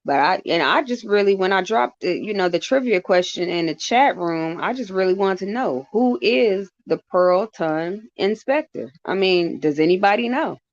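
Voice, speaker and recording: A man on a casual stream chat, talking in a halting, rambling way with many restarts and wry jokes. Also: sits high, animated, no room sound, lo-fi sound.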